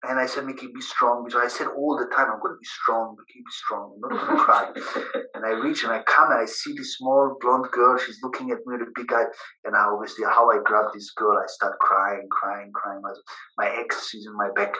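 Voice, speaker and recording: A man telling his own story in emotional, halting, broken English. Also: mid-range voice, flat delivery, sharp tone, recorded from a distance. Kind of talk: personal storytelling. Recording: echoey room, voice away from the mic.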